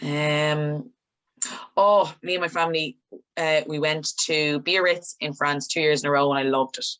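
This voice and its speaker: Brief: young woman, low voice, radio journalist as guest, lively storyteller. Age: young adult. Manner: lively storyteller, quick asides. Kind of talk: casual interview chat.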